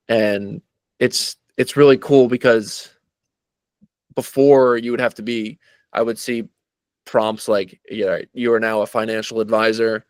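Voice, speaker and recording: A man in casual podcast chat, talking in a relaxed, halting way with many filler words. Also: lowish voice, no room sound. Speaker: podcast co-host.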